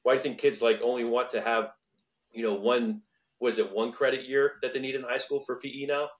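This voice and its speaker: A man's voice: mid-range voice, steady tone, brisk. A man in his thirties hosting a podcast, speaking earnestly and motivationally, repeating points for emphasis. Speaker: podcast host. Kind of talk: casual podcast conversation.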